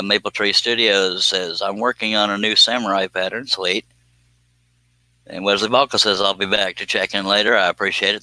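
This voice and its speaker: Sleepy male stream host, lowish bright voice, easygoing rambling chat, reads comments out. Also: no echo, rough recording. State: sleepy, yawning. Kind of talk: casual live-stream chat.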